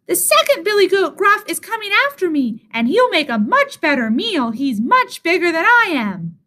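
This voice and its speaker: A woman voicing the littlest billy goat, a small, timid young male, with a high, pleading voice. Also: sing-song, moderate pace, pushed and bright, exaggerated voice.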